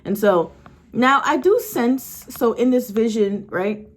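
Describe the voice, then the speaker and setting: A woman's voice: on the high side, lively intonation, slow pace. A woman psychic medium talks casually to her viewers at home. She rambles, restarts her sentences and often checks in with "okay?" and "right?". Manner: speaks directly to the audience. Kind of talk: casual spiritual storytelling to viewers. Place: at home with her dog nearby.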